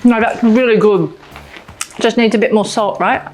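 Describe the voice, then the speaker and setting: Her voice sits on the high side and moves at a normal speed as she, an Australian woman, hosts a laid-back cooking demo in a home kitchen. She's enthusiastic and talkative, exclaiming often, with music beneath.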